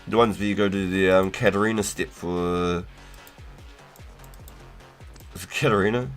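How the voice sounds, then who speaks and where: Deep-voiced laid-back male streamer. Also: a little fast, soft background music. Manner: relaxed, slangy, swears and laughs often. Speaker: livestream host. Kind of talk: casual livestream chat.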